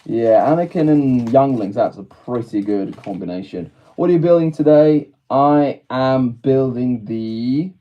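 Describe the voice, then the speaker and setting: A man's voice: mid-range voice, expressive, unhurried, hardly any pauses, dull audio. A British man chatting casually on a live stream, laughing often and answering his chat as he goes.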